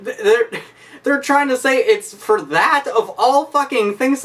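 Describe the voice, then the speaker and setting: A man's voice: high voice, unhurried, pushed and bright. A man ranting to camera as a YouTuber, swearing constantly and repeating his points with heavy emphasis. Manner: profane, emphatic, repetitive. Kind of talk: angry rant vlog.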